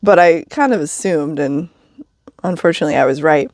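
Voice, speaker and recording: A woman's voice: low-pitched, a little fast, a little mellow, dry recording, studio quality. A woman telling a story in a casual vlog, chatty, with wry asides and frequent laughs. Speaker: vlogger living in a vehicle.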